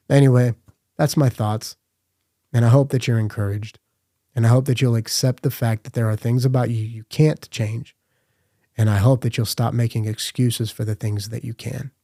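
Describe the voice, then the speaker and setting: Man, podcast host, earnest devotional speaker; warm tone, dry close mic, mid pitch. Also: no room sound. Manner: earnest, repetitive questioning.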